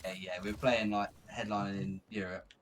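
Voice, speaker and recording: A man's voice: on the low side, brisk, slight background noise. A man, a band vocalist telling casual stories, swearing freely and calling people mate. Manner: swears freely, says "mate" often, animated. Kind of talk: casual storytelling chat.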